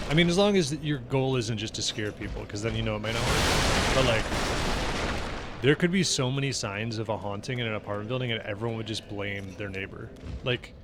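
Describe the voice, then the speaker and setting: A man streaming a video game, chatting casually and rambling into jokes, with frequent swearing. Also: mid-range voice. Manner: rambling, joking, profane. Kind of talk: casual gameplay commentary. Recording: live stream mic with very loud background noise.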